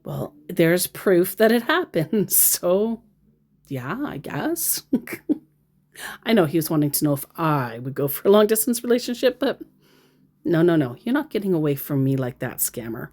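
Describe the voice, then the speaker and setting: A woman's voice: on the low side, sing-song, a little slow, a little mellow. A woman in casual commentary on scam chats, sarcastic and laughing often. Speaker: scambaiter vlogger.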